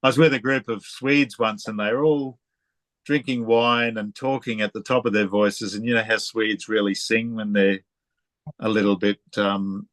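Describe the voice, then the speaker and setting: An Australian man interviewing a guest in a relaxed way, telling stories and laughing often. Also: fairly low pitch, normal speed, no room sound. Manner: chatty, storytelling, laughs often. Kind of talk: casual conversational interview.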